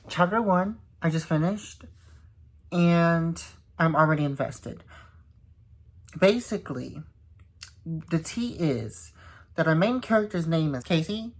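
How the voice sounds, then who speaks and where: A young woman chatting casually on her reading vlog, indignant and swearing, often repeating herself. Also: fairly low pitch. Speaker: book vlogger.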